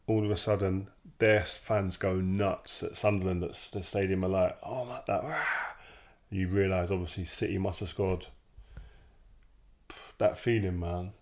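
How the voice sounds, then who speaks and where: A man tells football stories in a casual chat, his voice sitting a little low. He gets animated as he talks and acts out the quoted dialogue. He laughs easily along the way. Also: unhurried, long pauses. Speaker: former footballer guest.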